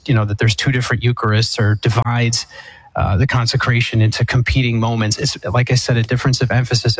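A man, an Eastern Catholic priest, answering a caller's question on a radio call-in show in a measured, explanatory way with frequent restarts. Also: medium pitch, no echo, low-quality recording.

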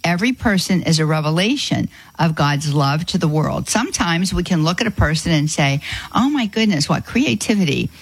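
A woman hosting a Catholic call-in radio show, folksy and quick to exclaim in sympathy. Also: low voice, animated, husky, dry recording, low-quality recording. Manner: warm-hearted, folksy, exclaims often. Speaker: radio host. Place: radio studio.

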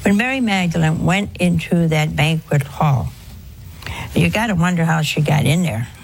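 An older woman giving a conversational religious talk, folksy and gently humorous, full of rhetorical questions. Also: low-pitched, normal speed, vocal fry, breathy edge. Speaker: religious speaker. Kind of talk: talk to an audience on confession.

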